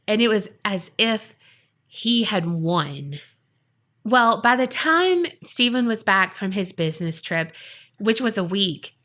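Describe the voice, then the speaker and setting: A woman hosting a podcast, casually telling a paranormal story and acting out the voices of the people in it. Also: fairly high pitch. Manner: lively, acts out quoted voices. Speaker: podcast host.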